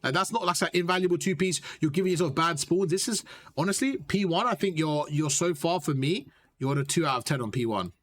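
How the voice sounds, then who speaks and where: Quick talking guy breaking down a ranked match for a student, kinda high voice, keeps saying bro. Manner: animated, direct, repeats points, calls listener bro. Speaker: gaming coach. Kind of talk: coaching review of gameplay footage.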